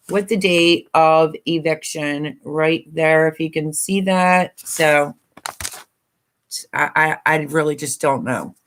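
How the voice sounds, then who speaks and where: Choked-up woman with a lowish voice. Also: fairly bright tone. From Pennsylvania, USA. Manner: apologetic, rambling with many fillers and restarts. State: choked up, close to tears. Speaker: YouTuber hosting a live stream. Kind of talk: emotional casual live-stream talk.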